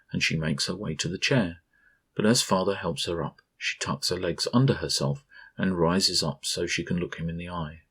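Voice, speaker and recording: Deep husky male storyteller. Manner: calm, measured reading. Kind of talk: scripted storybook narration.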